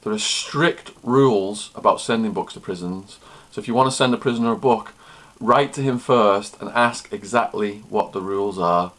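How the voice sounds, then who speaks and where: A man's voice: fairly low pitch, normal speed, fairly bright tone. A man, a former prisoner and author, answering questions and telling stories to camera in a plain, matter-of-fact way. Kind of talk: storytelling to camera.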